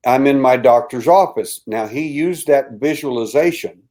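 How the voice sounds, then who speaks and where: An older man, a guest in an interview, tells a story with animated delivery, acting out quoted voices and dropping to a hushed tone. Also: medium pitch, moderate pace.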